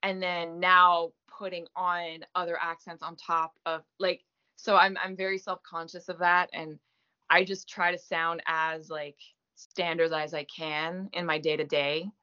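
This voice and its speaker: A fairly low, pushed and bright voice with a clean tone and little pitch movement, at a measured pace, comes through a muffled recording. The woman is a thirtysomething actress from Gaspé in eastern Quebec, French being her first language, with a light French Canadian accent. In a casual interview she's self-deprecating and full of fillers.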